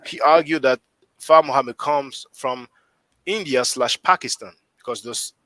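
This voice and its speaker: A man's voice: medium pitch, measured pace, sharp tone, no room sound, poor audio. A man with a French accent hosting a casual live stream discussion, rambling and often restarting his sentences as he thinks aloud. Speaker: host.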